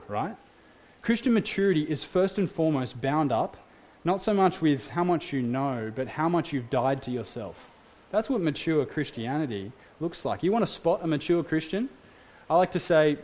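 A man's voice: a little high, darkish tone. A man preaching a sermon as pastor, in an earnest, conversational way with frequent restarts. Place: church.

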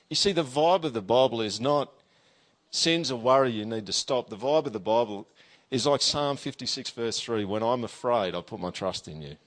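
A man's voice: mid-range voice, moderate pace. Male pastor, mid-range voice, casual sermon delivery, emphatic scripture reader. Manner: conversational preaching, with many tag questions; emphatic, reads scripture aloud.

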